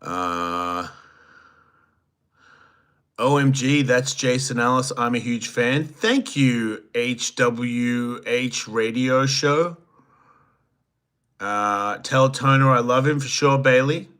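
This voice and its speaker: Slow, bright-voiced Australian man. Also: mid-range voice, clean tone. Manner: laid-back, crude, joking, reads viewer comments aloud. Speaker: host reading live chat. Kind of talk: casual livestream chat.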